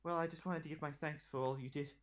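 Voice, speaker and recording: A man voicing an awestruck, excitable teenage boy who stammers nervously and eagerly. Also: a little high, fast talker, voice pushed up, close to an everyday voice. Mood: earnest.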